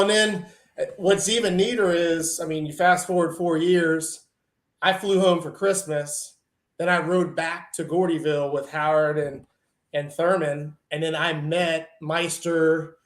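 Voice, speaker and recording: A man telling a casual, animated story on a live show, laughing often and acting out his friends' lines. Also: on the high side, reverberant. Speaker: truck and tractor pulling guest.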